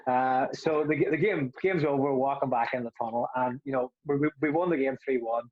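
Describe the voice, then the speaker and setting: Husky man telling a story. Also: medium pitch, a little fast, dry recording, lo-fi sound. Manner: rambling, laughs often, restarts. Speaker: former footballer, podcast co-host. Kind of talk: casual storytelling.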